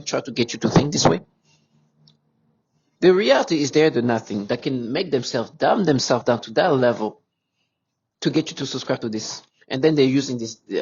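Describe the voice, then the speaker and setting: A man speaking in an agitated, unscripted monologue to his viewers, halting often with stammered restarts. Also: medium pitch, slightly rough, muffled recording. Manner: agitated and insistent. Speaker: vlogger addressing viewers.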